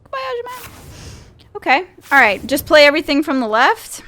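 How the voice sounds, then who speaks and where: Brief: young female streamer, chatty card-game commentary, laughs easily, thinks out loud, faint noise underneath. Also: sits high, a little fast. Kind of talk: casual gameplay commentary.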